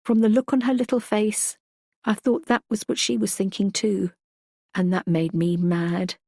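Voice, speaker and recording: This audiobook narrator, a woman, reads a thriller told in the first person, her mid-range voice measured and reflective. She tells the story in a steady, thoughtful way. The recording sits close and dry, without echo or any room sound.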